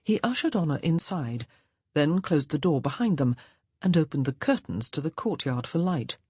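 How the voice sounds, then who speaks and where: A woman reading a historical romance audiobook in a measured storytelling voice. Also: low voice, big pitch swings, darkish tone, slightly rough, no echo, studio quality. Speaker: audiobook narrator. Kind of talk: scripted narration.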